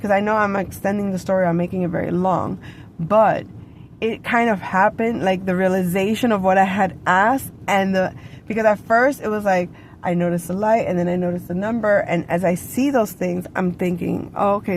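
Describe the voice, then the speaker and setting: A woman's voice: mid-range voice, steady tone, moderate pace, a little hiss or hum. A woman in her thirties telling a story in a parked car, rambling, swearing and laughing as she goes. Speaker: vlogger. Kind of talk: casual storytelling.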